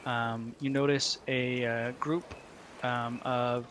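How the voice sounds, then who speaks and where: A man narrating a tabletop game as game master, pausing often with fillers. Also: medium pitch, steady tone, a bit bright, a little hiss or hum. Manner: halting, many ums and pauses.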